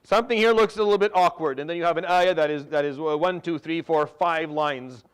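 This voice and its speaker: Fast-talking animated man teaching scripture. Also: a little high, clear, resonant tone. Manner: animated, repeats and restarts words, drops Arabic terms. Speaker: Quran teacher giving tafsir. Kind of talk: religious lesson.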